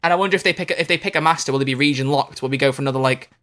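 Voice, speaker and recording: A man co-hosting a podcast in casual chat, rambling and animated. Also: medium pitch. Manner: rambling, animated, quick talker. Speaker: podcast co-host.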